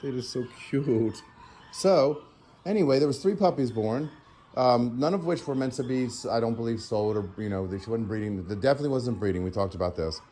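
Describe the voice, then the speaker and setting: A man's voice: medium pitch, animated, a little fast, a little hiss or hum. A tired man vlogging at home after a sleepless night, rambling with lots of fillers as he talks to the camera. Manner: rambling, filler-heavy, soft baby talk to a puppy. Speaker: animal sanctuary vlogger. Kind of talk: casual talk to camera.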